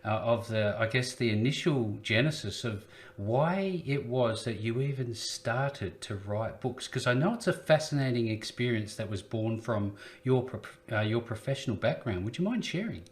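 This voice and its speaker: A male host interviews a guest over a video call, and he sounds encouraging throughout. He laughs along and offers brief supportive reactions before asking an open question. His voice sits at a medium pitch. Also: lively intonation, normal speed, few pauses. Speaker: show host. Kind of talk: interview hosting.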